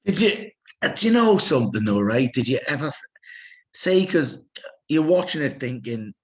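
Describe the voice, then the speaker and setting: A middle-aged man with a Geordie accent chatting casually as a podcast guest, retelling stories with animated asides. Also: mid-range voice, moderate pace. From North East England. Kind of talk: casual chat.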